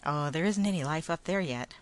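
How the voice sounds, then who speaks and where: A woman's voice: deep voice, brisk, close to an everyday voice. A woman reading a story, voicing a patient, kindly father explaining things to his son.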